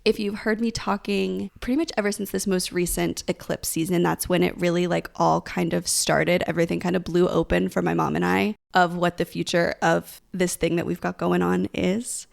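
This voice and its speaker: A woman's voice: fairly low pitch, little pitch movement, moderate pace, creaky, few pauses. A young woman co-hosting a casual podcast, bubbly and rambling, laughing often as she talks. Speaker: podcast co-host.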